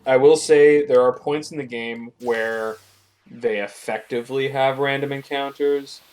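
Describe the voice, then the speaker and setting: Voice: medium pitch, fairly even intonation, measured pace, darkish tone, clean tone. A co-streamer chatting casually and easygoingly while a game is played, often laughing. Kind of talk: casual let's-play chat.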